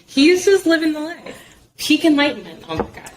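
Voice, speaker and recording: A young woman co-hosting a podcast, relaxed, with joking asides and quick agreeing fillers. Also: high-pitched. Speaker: podcast co-host. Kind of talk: casual film discussion chat. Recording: echoey room with faint noise.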